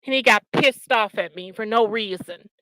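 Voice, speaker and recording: A woman rants angrily on her own channel, her talk profane, scornful and confrontational. Her voice is mid-range and fairly bright, moving at a moderate pace, and the recording is rough though free of echo.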